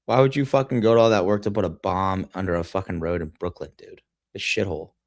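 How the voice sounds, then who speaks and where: A man's voice: sits low, steady tone, fast talker, no room sound, studio quality. A man hosting a podcast, telling crude stories in casual chat and laughing at his own jokes. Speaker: podcast host.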